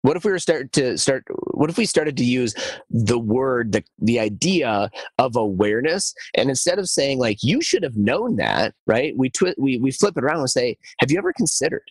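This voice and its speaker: A man hosting a podcast, talking casually with many fillers and restarts, acting out quoted lines with lively shifts in his intonation. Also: medium pitch, normal speed, breathy edge, no room sound. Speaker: podcast host.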